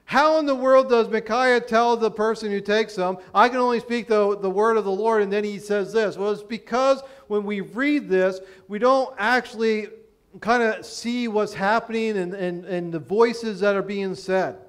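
A man's voice: sits high, measured pace, clear, resonant tone. A man from Pennsylvania preaching a sermon in a conversational way, explaining with rhetorical questions.

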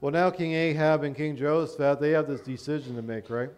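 A man's voice: fairly high pitch, steady tone, fairly quick, darkish tone, clean tone. A man from Pennsylvania preaching a sermon in a conversational way, explaining with rhetorical questions.

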